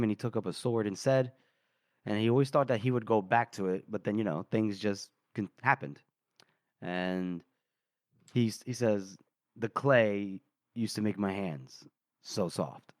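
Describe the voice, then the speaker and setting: A man co-hosting a book podcast, retelling scenes in a casual, animated way and acting out the characters' lines with laughs. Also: on the low side, no room sound, studio quality. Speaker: podcast co-host.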